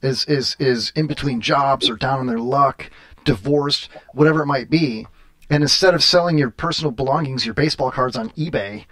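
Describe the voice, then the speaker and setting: A man's voice: medium pitch, normal speed, a bit bright. A man hosting a casual podcast, chatting with callers, rambling with lots of fillers and frequent laughter. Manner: rambling, full of "uh" and laughter, crude jokes. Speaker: podcast host.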